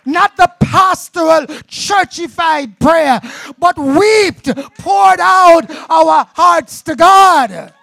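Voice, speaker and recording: A man pastor preaching a sermon with fiery passion. He swells into shouts, stutters his opening words and throws out calls of "huh?". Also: very high voice, extremely slow, creaky, few pauses, no room sound. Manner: repeats opening words when starting a thought.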